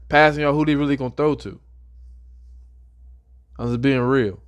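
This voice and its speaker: A young man excitedly giving a casual football prediction as a fan, repeating himself and speaking loosely. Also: mid-range voice, moderate pace. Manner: excited, repetitive, talks like a fan. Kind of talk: casual sports prediction vlog.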